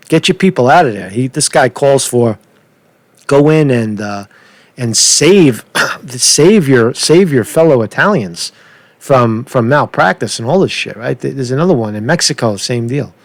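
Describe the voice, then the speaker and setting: A man's voice: mid-range voice, expressive, normal speed, creaky, no echo. A man hosting a casual livestream, rambling and sarcastic, with lots of cursing. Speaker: channel host.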